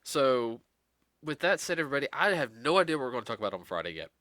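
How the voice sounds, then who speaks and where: A man's voice: mid-range voice, big pitch swings, fast, a bit bright, no room sound. A middle-aged man hosting a podcast, rambling in casual chat with many restarts and fillers. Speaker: podcast host.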